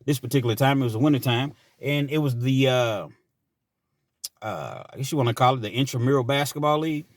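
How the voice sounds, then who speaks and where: A man of medium pitch speaks fairly quickly with no echo. He hosts his own channel and tells a personal story in a chatty, rambling monologue full of asides.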